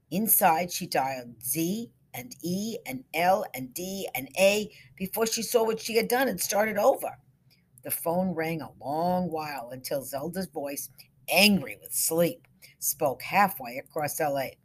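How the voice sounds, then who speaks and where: A woman reads a suspense story aloud in a hushed, dramatic way. Her voice is husky and sits fairly low, but the intonation rises and falls a lot. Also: expressive, unhurried. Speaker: narrator.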